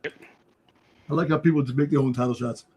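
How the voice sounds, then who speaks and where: A man co-hosting a casual wrestling podcast, talking haltingly with many fillers and quick to agree. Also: mid-range voice, fairly even intonation, a little mellow, breathy edge. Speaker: podcast co-host.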